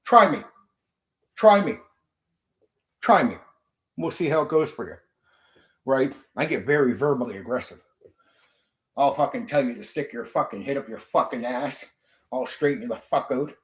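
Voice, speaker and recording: A man's voice: medium pitch, normal speed, roomy sound. A man hosting his own channel, ranting in a blunt, profane, combative casual monologue. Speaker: channel host.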